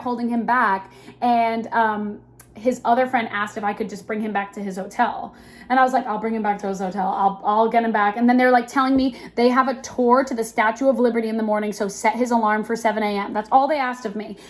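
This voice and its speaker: A young adult woman hosting a podcast, telling a personal story in a casual, animated way, with lots of fillers and laughter. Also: fairly high pitch. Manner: animated, chatty, quick to laugh, many fillers. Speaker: podcast host.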